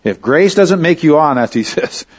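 A man's voice: a little high, animated, normal speed, husky, muffled recording. A man teaching verse by verse through a Bible passage as a preacher, talking conversationally with frequent restarts and asides.

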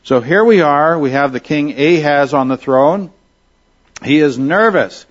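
A man's voice: on the high side, lively intonation, unhurried, lo-fi sound. A man teaching a Bible class, explaining passages verse by verse and often checking in with his listeners. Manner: explanatory, checks in with "all right?".

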